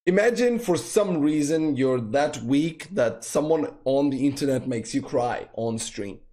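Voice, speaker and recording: A man's voice: medium pitch, lively intonation, a little slow, slight background noise. A man streamer speaking to his viewers in a mocking, sarcastic way. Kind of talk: casual live stream chat. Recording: crowd and loud music behind.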